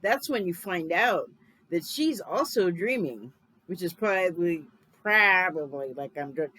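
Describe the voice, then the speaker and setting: A woman's voice: on the low side, animated, unhurried, slightly rough, poor audio. Woman in her 50s going over a movie plot, rambly and chatty, keeps fixing herself, laughs a lot. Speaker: film reviewer. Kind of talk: casual spoken film recap.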